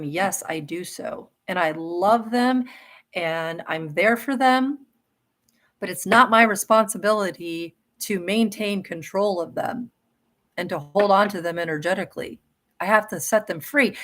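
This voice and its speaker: Middle-aged woman, spiritual livestream host, earnest, emphatic, restarts sentences, mid-pitched voice. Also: fairly bright tone. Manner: earnest and emphatic, with laughs and self-corrections. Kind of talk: live spiritual Q&A talk.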